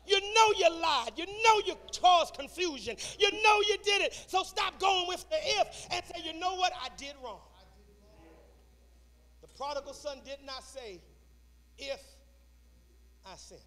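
A man preaching a sermon, shouting in a sing-song cadence in a church sanctuary. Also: very high-pitched, expressive, a little slow. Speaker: pastor.

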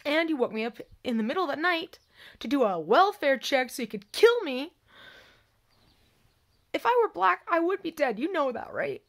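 A young woman vlogger telling a personal story in a distressed, emphatic monologue, her voice swinging between raised cries and low, quiet passages. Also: very animated, normal speed, creaky.

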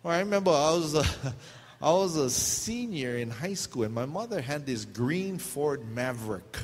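A man's voice: fairly high pitch, measured pace. A middle-aged man from Hawaii with a Pidgin-tinged accent, telling funny stories in a sermon as a pastor. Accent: Hawaiian Pidgin-tinged English. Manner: animated, humorous, laughs mid-story. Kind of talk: storytelling sermon. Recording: long hall reverb, faint background noise.

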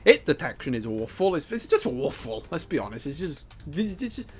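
A gameplay commentator, joking and excitable, breaking into playful sing-song asides as they play. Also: medium pitch, brisk.

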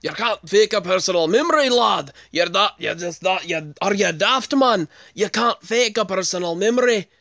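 A man's voice: expressive, normal speed, vocal fry, few pauses, dry recording, clean studio sound, exaggerated voice. A man doing a put-on Irish accent, playing an indignant, leprechaun-like Irish man. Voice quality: high and loud, leprechaun-like. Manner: indignant, scolding. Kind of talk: impression within a vlog.

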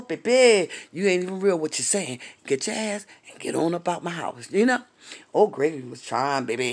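Brief: sassy gossip vlogger, drawling and playful, speaks straight to the viewers, sometimes whispers the juicy parts. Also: medium pitch. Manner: sassy, drawling, addresses viewers as y'all, honey and baby; drops to a whisper for racy gossip. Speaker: vlogger reacting to a reality show.

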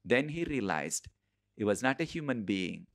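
A man preaching a sermon, telling a story with frequent pauses and repeated phrases. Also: lowish voice, big pitch swings, gravelly, a bit bright. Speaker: preacher and Bible teacher.

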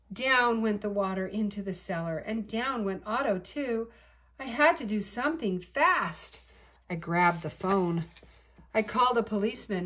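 An older woman reading a children's storybook aloud in an expressive, animated way. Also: medium pitch, a little slow, poor audio.

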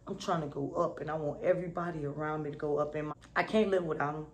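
A woman's voice: deep voice, steady tone, quick pace, a little hiss or hum. A woman vlogging to camera in a casual, upbeat, slangy way, often asking "you feel me". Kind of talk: casual motivational talk to camera.

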